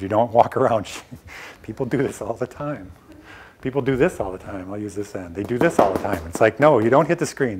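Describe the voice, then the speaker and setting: A man's voice: on the low side, darkish tone, a little hiss or hum. Emphatic middle-aged man lecturing. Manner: direct, emphatic, conversational with asides. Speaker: presenter giving a workshop on scientific talks. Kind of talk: live lecture to a small audience. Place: small lecture room.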